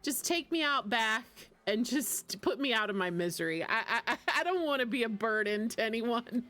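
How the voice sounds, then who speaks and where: A woman's voice: on the high side, expressive, brisk, fairly bright tone. A woman streaming a game and chatting casually in a rambling way, laughing often between asides. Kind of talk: casual chat while gaming.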